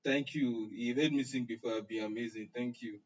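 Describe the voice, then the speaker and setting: A young Nigerian man teaching an online class keeps up casual, joking chatter with his live-stream audience, naming commenters as he replies. His medium-pitched delivery is fairly quick with fairly even intonation, heard through muffled, distant audio.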